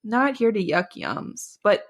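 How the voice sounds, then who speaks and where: A woman's voice: medium pitch, very animated. A young woman co-hosting a podcast, recapping a book in a chatty, sarcastic way with frequent laughs. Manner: chatty, sarcastic, laughs often, quick asides. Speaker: podcast co-host. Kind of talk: casual chat recapping a book.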